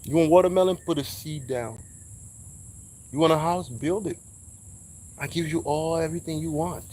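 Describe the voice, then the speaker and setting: A man's voice: a little high, normal speed, darkish tone. A man giving a casual spiritual monologue, preachy and emphatic, swearing freely as he talks. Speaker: speaker sharing spiritual views.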